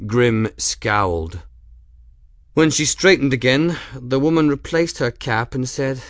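With a mid-range voice, a man narrates an audiobook in an even, measured storytelling style. The recording is dry and of studio quality.

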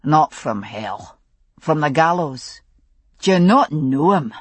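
A woman voicing a stern, calm man, speaking slowly and firmly. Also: low voice, slightly rough, no echo, full character voice.

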